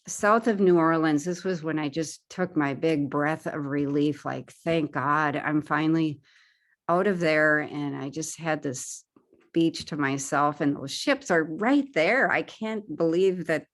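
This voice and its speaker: Low-voiced woman giving a casual slideshow talk. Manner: chatty, with frequent fillers and restarts while pointing at pictures. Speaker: guest speaker at a paddling club.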